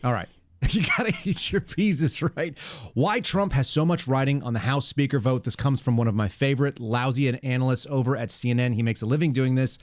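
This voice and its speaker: A man's voice: medium pitch, a little mellow, no echo. Male podcast host with a mid-range voice who talks casually, rambling and mocking, recorded close and dry. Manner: sarcastic, rambling, quick asides. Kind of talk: casual political podcast chat.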